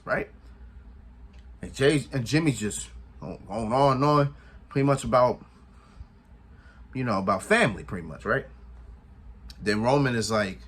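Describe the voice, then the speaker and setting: A man's voice: mid-range voice, animated, normal speed, long pauses, a bit bright. A man recapping a wrestling show in casual commentary, retelling events with animation, acting out what people said and laughing often.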